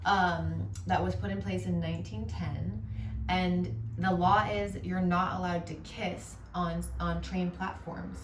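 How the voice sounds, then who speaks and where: A woman's voice: fairly low pitch, level tone, measured pace, far from the mic. A woman co-hosting a travel vlog, chatting casually in a laid-back, wry way. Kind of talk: casual chat. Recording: roomy, from the mic, faint hiss.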